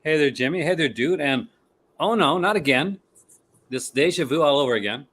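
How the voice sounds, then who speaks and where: A sleepy-sounding man co-hosts a film collecting livestream, chatting casually and greeting viewers by name. His voice is slightly high and a little bright, animated, at a normal speed.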